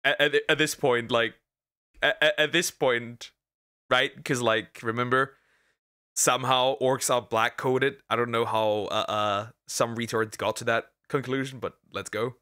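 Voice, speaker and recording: A man casually reacting to a video, animated and crude, laughing often and tripping over repeated words. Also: medium pitch, unhurried, smooth.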